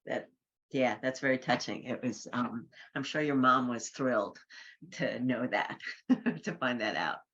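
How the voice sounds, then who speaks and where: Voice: mid-range voice, measured pace, fairly bright tone, lo-fi sound. An interviewer asking questions, appreciative and hesitant, with many fillers.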